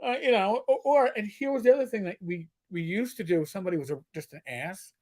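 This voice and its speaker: A man's voice: high voice, fast talker, darkish tone. Middle-aged guy telling crude old cop stories, does voices now and then. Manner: storyteller who slips into put-on voices, crude jokes. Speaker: co-host. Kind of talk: casual chat, telling stories.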